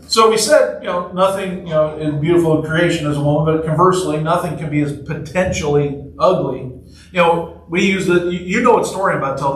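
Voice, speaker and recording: In an echoey church sanctuary, a pastor delivers a chatty, jokey sermon, sharing stories and asking his congregation questions. His voice is fairly high and fairly bright. It's heard from a distance, with slight background noise.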